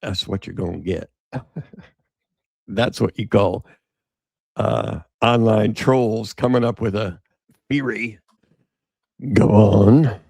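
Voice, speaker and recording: A man's voice: fairly low pitch, slow, creaky, long pauses, darkish tone, no echo. A male podcast host giving casual commentary, reading an article aloud with sarcastic, rambling asides.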